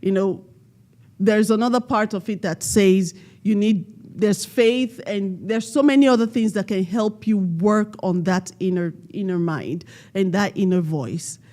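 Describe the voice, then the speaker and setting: A woman delivers a motivational talk to a live audience at a community event, slowly stressing key words. She speaks at an unhurried pace in a mid-range voice. She quizzes the crowd and leads them through call-and-response. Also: mid-range voice, dark tone. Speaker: panel speaker.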